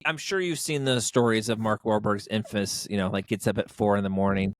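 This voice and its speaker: A man's voice: on the low side, fairly quick. A man co-hosting a podcast, chatting casually about movies in a rambling, jokey way with lots of fillers. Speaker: podcast co-host. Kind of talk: casual movie review chat.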